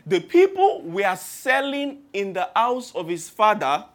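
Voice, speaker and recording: A man's voice: high-pitched, big pitch swings, measured pace, fairly bright tone. A man with a Nigerian accent preaching a sermon in a humorous, rhetorical way, piling up long spoken lists.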